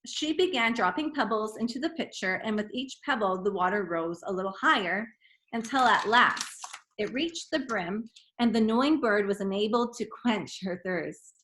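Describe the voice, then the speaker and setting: Bright-voiced teacher reading a story. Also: female voice, mid-range voice, expressive, moderate pace. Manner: gentle, chatty, addresses children as friends. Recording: echoey room.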